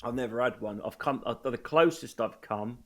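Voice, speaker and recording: A man's voice: mid-range voice, normal speed, fairly bright tone. A male comedian chatting casually, blunt and sweary, telling anecdotes from his gigs. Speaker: stand-up comedian. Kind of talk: casual chat.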